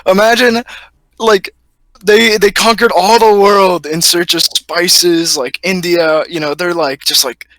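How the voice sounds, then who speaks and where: A man's voice: high-pitched, steady tone, a little slow, a bit bright, no room sound. A young man co-hosting a podcast, bantering casually and laughing often. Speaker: podcast co-host.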